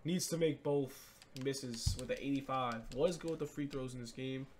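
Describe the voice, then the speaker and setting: A man giving live gameplay commentary as a gaming creator, excitable, swinging between low muttering and loud shouts and repeating catchphrases. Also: moderate pace, slight background noise. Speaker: gaming YouTuber.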